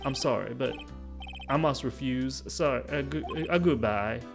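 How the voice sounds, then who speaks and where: A man's voice: medium pitch, moderate pace, gravelly, over music, natural voice. A man voicing a pompous older male lawyer who blusters, stammers and speaks grandly.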